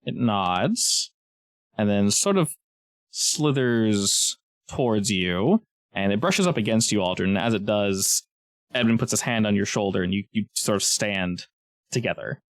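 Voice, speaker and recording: A man's voice: on the low side, lively intonation, measured pace, dry recording, clean studio sound. A man narrating a tabletop game as game master, in a chatty way with frequent restarts.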